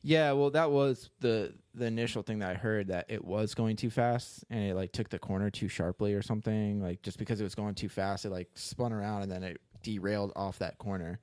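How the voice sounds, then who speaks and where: A podcast co-host chats casually, rambling with many fillers and laughing frequently. His voice is on the low side and darkish, he talks fairly fast with hardly any pauses, and the studio sound is clean with no room echo.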